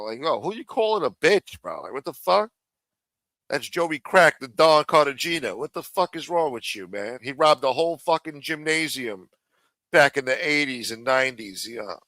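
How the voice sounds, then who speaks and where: A man hosting a live stream, ranting in a profane, sarcastic and animated way. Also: mid-range voice, moderate pace, dry recording. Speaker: live show host.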